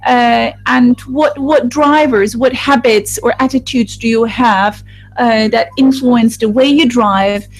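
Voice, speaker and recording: A woman giving a live voice-over interpretation of a group discussion, speaking in a halting way with restarts and fillers. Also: a little high, fairly even intonation, soft background music, poor audio.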